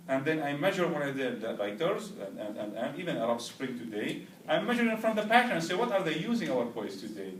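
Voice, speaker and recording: A man's voice: a little high, very animated, fairly quick, few pauses. A man lectures a language class, now and then leading the students in repeating words aloud. He keeps checking for understanding as he goes. The recording is roomy and distant, with faint background noise. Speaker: language teacher. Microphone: far camera.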